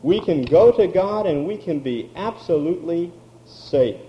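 A man preaching a sermon, slow and emphatic, drawing out key words. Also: a little high, lively intonation, highs cut off, a little hiss or hum. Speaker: pastor.

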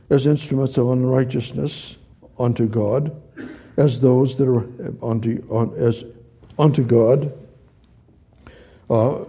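Male preacher, sermon, very dark tone, husky, repetitive, asks questions, reads scripture. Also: medium pitch. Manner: gestures with hands while teaching.

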